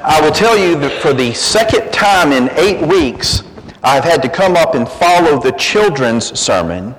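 A man's voice: fairly high pitch, sing-song, unhurried. Folksy man in a reverberant church. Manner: folksy, self-deprecating humor. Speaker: guest speaker from the Gideons. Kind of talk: church talk opening with a joke. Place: church sanctuary. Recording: long church reverb, faint hiss.

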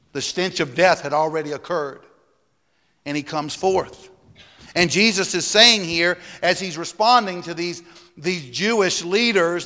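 A man's voice: high voice, pushed and bright. A pastor preaching a sermon, stressing his points and asking the congregation rhetorical questions. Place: church sanctuary. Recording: long hall reverb.

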